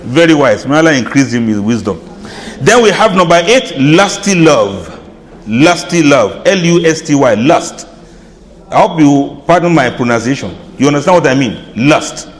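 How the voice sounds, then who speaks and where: A man's voice: on the high side, expressive, moderate pace. Man lecturing in an echoing hall. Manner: humorous, chatty asides, laughs at own jokes. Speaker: Islamic lecturer. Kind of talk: lecture to an audience.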